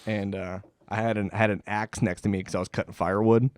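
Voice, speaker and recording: A man's voice: fairly low pitch, steady tone, fast talker, darkish tone, clean tone, no echo, studio quality. Profane young man telling a wild story. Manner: profane, rambling, laughs mid-story. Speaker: podcast host. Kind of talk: casual storytelling.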